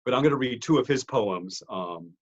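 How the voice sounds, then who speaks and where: A soft-spoken man casually introducing his reading, hesitant with frequent ums. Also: medium pitch, lively intonation, moderate pace. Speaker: poet. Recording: muffled lo-fi sound.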